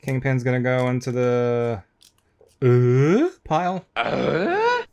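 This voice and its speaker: Slow-talking man grumbling through a card break. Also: medium pitch, lo-fi sound. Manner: grumbling, wry, talks to viewers as folks. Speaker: card collector opening packs. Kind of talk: casual box-break commentary.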